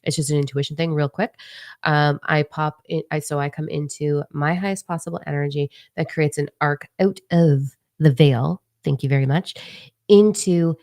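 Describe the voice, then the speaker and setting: Low, gravelly-voiced woman, blunt and profane. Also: moderate pace, no room sound, clean studio sound. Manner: blunt, profane, animated, talks to chat viewers. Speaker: spiritual livestream host reading cards. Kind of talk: casual livestream chat, tarot-style reading.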